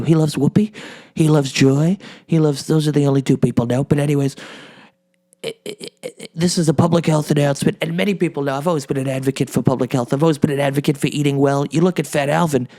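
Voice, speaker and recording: A man's voice: fairly high pitch, fairly even intonation, quick pace, warm tone, close to an everyday voice. A comedian impersonating a brash, boastful older male politician in a rambling comedic monologue.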